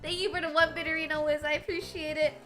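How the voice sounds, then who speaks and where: Bright, giggly young woman streamer, high and bouncy, teasing her chat. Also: little pitch movement, fast talker. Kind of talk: casual chat with viewers. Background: soft background music.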